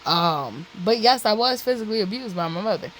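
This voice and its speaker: A woman's voice: medium pitch, animated, fairly quick, fairly bright tone, a little hiss or hum, poor audio. A woman vlogger telling a personal story candidly, blunt and profane, with lots of "like" and "literally" fillers.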